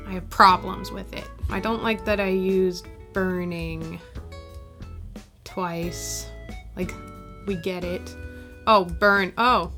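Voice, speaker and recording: A woman poet talking casually through the drafts of her own poem, chatty and quick to laugh at herself. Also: mid-range voice, fairly bright tone, faint music behind. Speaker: poet explaining her editing.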